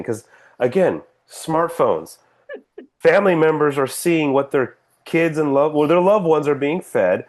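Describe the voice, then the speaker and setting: A man's voice: a little high, expressive, measured pace, darkish tone. A man co-hosting a casual podcast, ranting sarcastically and swearing freely. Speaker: podcast co-host. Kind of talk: casual political podcast chat.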